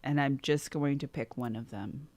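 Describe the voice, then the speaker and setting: A woman's voice: a bass voice, moderate pace, darkish tone. A woman co-hosting a casual live show from home, telling stories and laughing often. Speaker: co-host. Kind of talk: casual chat.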